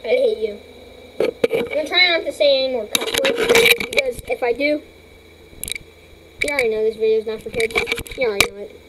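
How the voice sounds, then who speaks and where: A woman's voice: fairly high pitch, brisk, long pauses, heavy background noise. A woman hosting a casual toy vlog, rambling dramatically and breaking into shrieks. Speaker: channel host.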